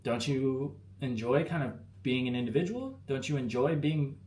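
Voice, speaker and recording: A man's voice: medium pitch, animated, normal speed, darkish tone. An American man hosting a live stream, answering chat questions in a laid-back, rambling way full of fillers. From United States. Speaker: livestream host answering chat. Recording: roomy with faint ambience.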